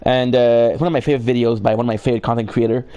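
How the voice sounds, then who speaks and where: A man's voice: medium pitch, steady tone, very fast, dark tone, clear, resonant tone, muffled recording. Tired guy rambling on his game stream, lots of uh and um, swears here and there, regular mid voice. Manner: rambling, filler-heavy, swears casually. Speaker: gaming streamer. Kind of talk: casual live gameplay chat.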